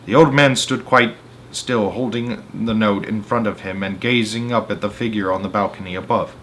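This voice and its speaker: A man reading a children's book aloud, expressive, with small slips and restarts. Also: lowish voice, normal speed. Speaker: storyteller.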